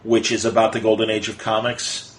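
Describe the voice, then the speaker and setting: A man co-hosting a casual podcast chat, talking quickly and with energy, and slipping into playful voices when he quotes people. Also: on the low side, slight background noise, rough recording. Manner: animated, fast retelling with playful quoted voices. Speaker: podcast co-host.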